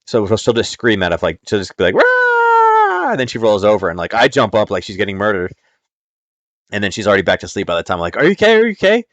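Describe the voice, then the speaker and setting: A man's voice: on the low side, fast talker, dry recording. A man hosting a live trading stream, walking through charts in a chatty, step-by-step way with frequent ums.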